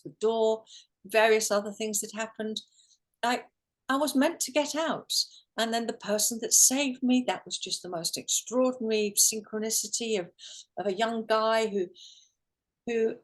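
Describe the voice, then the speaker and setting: A woman's voice: on the high side, normal speed. A woman, a guest in an interview, telling a personal story earnestly with many restarts and fillers. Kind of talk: emotional storytelling.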